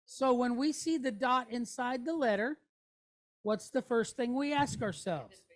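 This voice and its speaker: A woman's voice: fairly high pitch, a little slow. A woman teaching a Hebrew reading lesson, sounding out each syllable patiently and checking in with her listeners.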